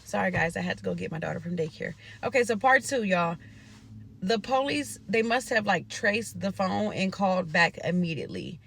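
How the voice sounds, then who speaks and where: A woman's voice: medium pitch, lively intonation, moderate pace, gravelly, a bit bright, slight background noise. A woman from Nebraska telling a story in a loose, profane, casual style and talking straight to her viewers. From Omaha, Nebraska.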